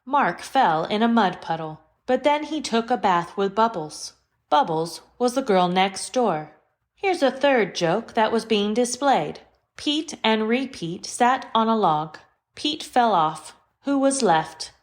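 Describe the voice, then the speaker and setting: A woman's voice: fairly high pitch, lively intonation, takes it slowly. A woman voicing a literal, formal female AI computer in an audio drama, with precise diction and no contractions. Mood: calm.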